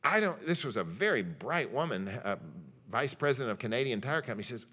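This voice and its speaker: A man's voice: mid-range voice, big pitch swings, fairly quick, few pauses, bright, forceful tone, slightly rough. A man speaking as a pastor at a church luncheon lecture, telling folksy stories and acting out quotes as he makes his point. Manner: folksy storytelling with jokes and acted-out quotes. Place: church hall.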